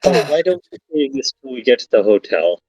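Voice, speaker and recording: A man's voice: medium pitch, very animated, a little fast, a little mellow, dry recording, highs cut off, faint music behind. A man voicing a cheeky young woman adventurer who talks in a breezy, teasing way.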